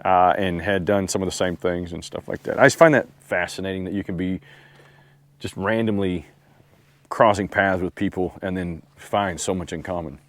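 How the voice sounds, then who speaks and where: A man's voice: sits low, fairly even intonation, moderate pace. A man, rambling casually in an outdoor camping vlog and talking to his dog. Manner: laid-back, rambling, talks to his dog. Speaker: outdoor vlogger. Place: outdoors at a lakeside campsite.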